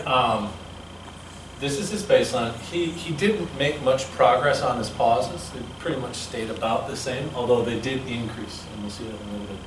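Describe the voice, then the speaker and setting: A male speaking coach of medium pitch leads a seminar lecture in a seminar room, explaining measurements conversationally and responding to questions. The audio is distant and echoey, with a noisy background.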